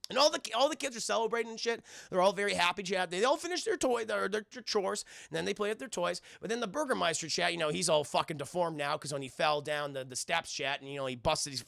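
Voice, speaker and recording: High gravelly-voiced male streamer. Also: fast, hardly any pauses, fairly bright tone, no room sound, studio quality. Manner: rambling, profane, chatty, addressing the chat. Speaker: streamer and film reviewer. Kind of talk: casual stream commentary.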